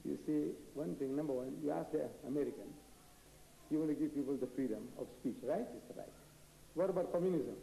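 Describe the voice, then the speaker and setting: An older man from India, raised in South Africa, delivers a combative, animated lecture full of rhetorical questions. His voice sits high yet sounds very dark and mellow. The sound rings with the long, echoey reverb of a large auditorium. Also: fairly quick, creaky. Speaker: lecturer answering audience questions. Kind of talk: public lecture Q&A. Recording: echoey hall.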